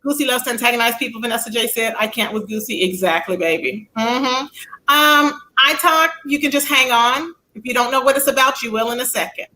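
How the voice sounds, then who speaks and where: Woman streamer, high and sharp-toned, sassy and chatty, reading out chat as she talks. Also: brisk, slight background noise, low-quality recording. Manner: sassy, chatty, reads chat comments aloud. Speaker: livestream host. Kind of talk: casual livestream commentary.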